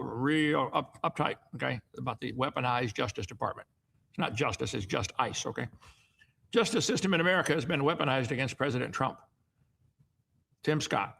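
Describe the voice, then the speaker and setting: Gravelly man reading and riffing on scripture. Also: mid-range voice, a bit bright, slight background noise. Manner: reads scripture then asides in plain slang. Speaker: Bible teacher. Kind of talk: informal Bible reading with commentary.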